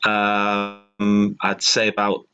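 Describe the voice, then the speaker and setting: Man, songwriter guest, fairly low voice, hesitant, self-deprecating, video call. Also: monotone, very slow, pushed and bright, muffled recording. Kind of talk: casual chat.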